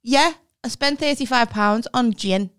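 A woman, co-hosting a podcast with quick, joking banter. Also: a little high, smooth, no room sound, clean studio sound. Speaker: podcast co-host, comedian. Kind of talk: casual chat.

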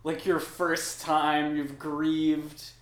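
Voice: medium pitch, level tone, very slow, reverberant. Wry, teasing podcast co-host. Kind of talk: casual movie recap chat.

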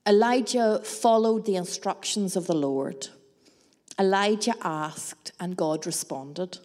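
A woman preaching a sermon, mixing scripture with personal stories in a measured, reflective way with dramatic pauses. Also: medium pitch, darkish tone. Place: church hall. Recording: long reverb of a large hall.

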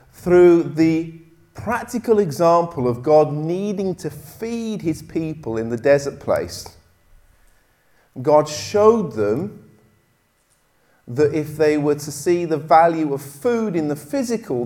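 A man preaching a sermon, telling a joke story and acting out the characters before making his point. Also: a little high. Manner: animated storyteller, acts out characters.

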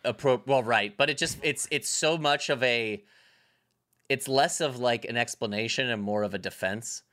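A man's voice: mid-range voice, moderate pace, bright, forceful tone. A man in casual film-review chat, talking in rambling stops and restarts and swearing now and then. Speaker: podcast co-host.

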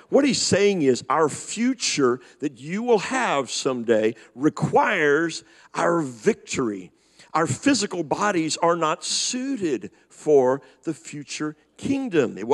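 A man preaching a sermon, reading scripture and slowing down on key phrases for emphasis. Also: a little high. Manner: animated preaching, slows for emphasis. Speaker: pastor.

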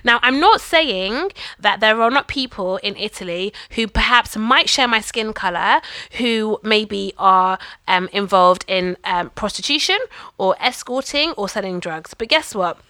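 A young woman hosts a podcast, spinning a story in easy, chatty fashion and slipping into the voices of the people she quotes. Her voice is bright and forceful, and the sound is dry and close. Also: medium pitch, measured pace, clear, resonant tone, no echo. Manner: animated, acts out quoted people. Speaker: podcast host. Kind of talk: casual storytelling chat.

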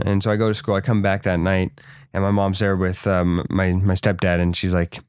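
Young man, low voice, dry close sound, halting casual talker with restarts. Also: little pitch movement, a little mellow, clear, resonant tone, dry recording. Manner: hesitant, many restarts and repeated words. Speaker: conversation partner. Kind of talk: casual chat.

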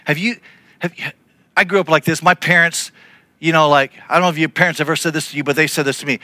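A man delivers a sermon in a high, bright voice, telling a story and slipping into the voices of the people he quotes. The sound is dry and close. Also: quick pace, dry recording. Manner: storytelling, acting out quotes with shifting pitch. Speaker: pastor.

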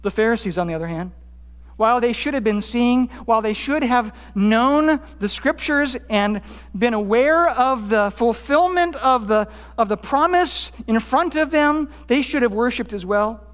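A pastor preaching a sermon, rising for quoted cries and dropping low on his key points. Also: normal speed, fairly bright tone, clean tone. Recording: long hall reverb.

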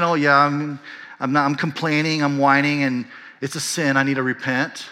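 A man's voice: fairly high pitch, level tone, moderate pace, sharp tone, long reverb tail. A pastor in his fifties preaching a sermon, telling a story earnestly and building to impassioned emphasis. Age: 50s.

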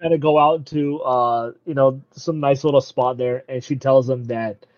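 A man casually recapping a show, laughing often and acting out the characters' lines in quick asides. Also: mid-range voice, fairly even intonation, no room sound. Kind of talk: casual chat recapping an anime. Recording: dull lo-fi dry recording.

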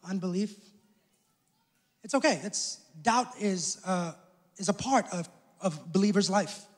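A man's voice: high-pitched, lively intonation, a little slow, husky. A male pastor preaching a sermon, emphatic and calling out to his congregation. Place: church hall. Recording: long church hall reverb.

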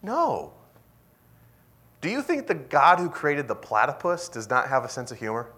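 A young man preaching a sermon in a lively, conversational way, sometimes dropping to a whisper. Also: mid-range voice, normal speed. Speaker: pastor.

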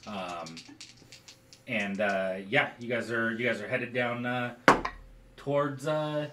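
A man narrating as game master of a tabletop game, describing scenes haltingly with many fillers. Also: medium pitch, reverberant, background noise.

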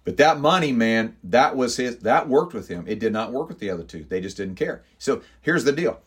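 A man's voice: mid-range voice, lively intonation, moderate pace, a bit bright, slightly rough. Folksy middle-aged man. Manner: folksy, storytelling, fills with "man" and "you know". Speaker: podcast host. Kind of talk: casual leadership podcast talk.

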